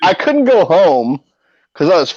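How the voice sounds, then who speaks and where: A man's voice: fairly high pitch, big pitch swings, a little slow, darkish tone, no echo. A middle-aged man hosting a podcast, telling rambling, profane anecdotes in a casual way. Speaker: podcast host. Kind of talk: casual storytelling. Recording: dull lo-fi audio.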